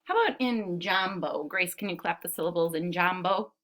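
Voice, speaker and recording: A woman's voice: on the low side, normal speed, a bit bright, a little hiss or hum. A woman teaching preschool children, reading a picture book aloud and counting syllables with them in a patient, encouraging manner.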